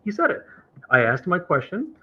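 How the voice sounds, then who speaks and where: A man's voice: wildly swooping pitch, normal speed, slightly rough. A man calling into a live streamed show, arguing in an aggrieved, lecturing way and mimicking the people he quotes. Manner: aggrieved, lecturing, imitates others in higher voice. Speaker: caller on a streamed talk show. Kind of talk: heated debate on a live stream. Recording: dull lo-fi stream audio.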